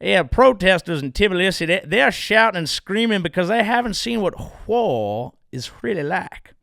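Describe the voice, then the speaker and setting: A man's voice: high voice, animated, slow, a bit bright, no echo, studio quality, voice pushed up, exaggerated voice. A man doing a blunt, weary village mother. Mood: grim. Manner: blunt, exasperated.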